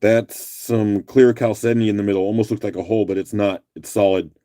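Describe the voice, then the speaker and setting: A man with a rough morning voice, hosting a live rock auction stream in a relaxed, chatty way and clearing his throat now and then. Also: fairly low pitch, a little fast. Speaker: livestream auction host. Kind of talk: casual live auction chat.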